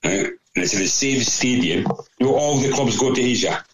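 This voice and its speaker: A Scottish man with a mid-range voice talks a little fast, swapping football stories in a casual podcast chat. He swears freely and imitates the people in his anecdotes, while a crowd murmurs behind him on a rough recording.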